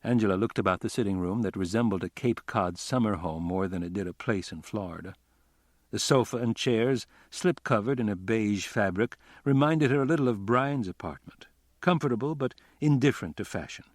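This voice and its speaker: A man reading crime fiction as an audiobook narrator in an even, understated way. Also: fairly low pitch, brisk, no room sound, studio quality. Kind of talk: scripted narration.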